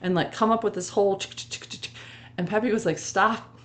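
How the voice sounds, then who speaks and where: A woman's voice: medium pitch, fairly even intonation, quick pace. A woman hosting a reflective spiritual podcast, telling a personal story and laughing often between phrases. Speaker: podcast host.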